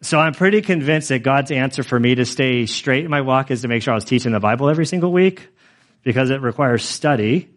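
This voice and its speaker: A man's voice: mid-range voice, fast. A man in his forties, a pastor telling his own story in a sermon, earnest and rambling, with many fillers. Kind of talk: sermon testimony.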